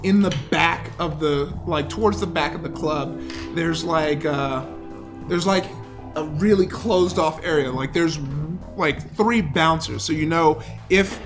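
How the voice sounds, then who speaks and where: With music playing behind him, a man with a fairly high voice narrates as game master at an unhurried pace. His narration is loose and rambling with lots of fillers, and he breaks into loud voices for the characters.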